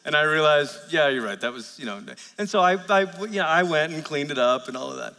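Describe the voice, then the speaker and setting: A male pastor with a high, bright voice tells stories in his sermon in a chatty, self-deprecating way. His words ring out in a church hall with a long reverb. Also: expressive, brisk, vocal fry. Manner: conversational storytelling with self-deprecating asides. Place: church sanctuary.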